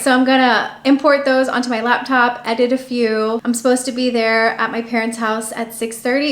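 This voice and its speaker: A young woman vlogging casually at home, chatty and self-narrating, at times bursting into high excited squeals. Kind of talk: casual vlog chat. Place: home living room with Christmas tree.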